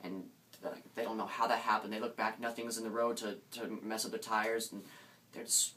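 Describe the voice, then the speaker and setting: A man's voice: lowish voice, steady tone, normal speed, pushed and bright. A young man casually telling a ghost story, hesitant with many restarts and building suspense, recorded from a distance with faint background noise.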